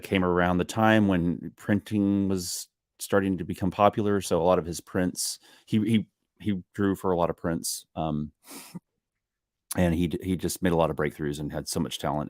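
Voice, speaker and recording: A man's voice: low voice, no echo, clean studio sound. A man, a musician guest, chatting casually and rambling with many ums and restarts. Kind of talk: casual live-stream chat.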